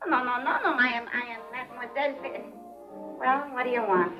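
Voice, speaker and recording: An actress putting on a haughty fake French mademoiselle with a fake French accent and stilted grammar. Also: female voice, a little high, fairly quick, music in the background, close to an everyday voice. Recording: dull old film soundtrack.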